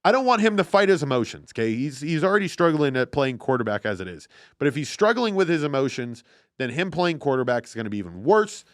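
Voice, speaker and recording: A man hosting a casual football podcast, talking in an excitable, profane, animated way. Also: fairly high pitch, fast talker, no room sound, clean studio sound. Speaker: podcast host. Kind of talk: casual sports chat.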